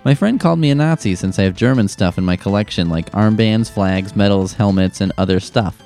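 A man's voice: fairly low pitch, a little fast, darkish tone, soft background music. A young man hosting a comedic advice show, answering letters with sarcastic, profane rants. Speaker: advice-column host.

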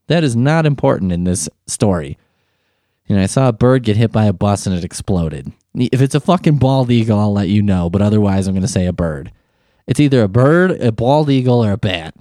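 A man's voice: fairly low pitch, sing-song, a little fast, mellow, no echo, studio quality. A man reading news aloud and mocking it with sarcastic, profane riffs. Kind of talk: sarcastic comedic commentary.

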